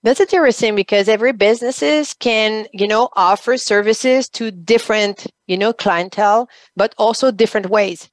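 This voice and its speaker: A woman with a French accent guests on a business radio show. She speaks haltingly, restarting and searching for words in English. Her voice is mid-pitched and the recording is dry and close. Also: no echo. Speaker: guest, online business coach. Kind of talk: radio interview.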